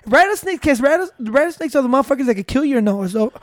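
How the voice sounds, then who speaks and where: A man in casual banter, loud and joking, swearing and switching into Spanish. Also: extremely high pitch, lively intonation, racing, no echo, clean studio sound.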